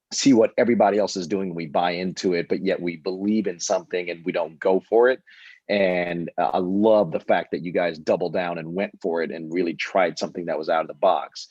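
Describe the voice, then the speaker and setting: A man hosting an interview podcast, pausing to reflect and sum up lessons for his listeners. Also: sits low, a little mellow, dry recording, dull audio. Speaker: podcast host.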